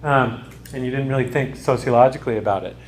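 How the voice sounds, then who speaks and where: A man's voice: medium pitch, fast talker. A man giving a conversational classroom lecture as a sociology lecturer, talking in restarts and asides to his students. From United States.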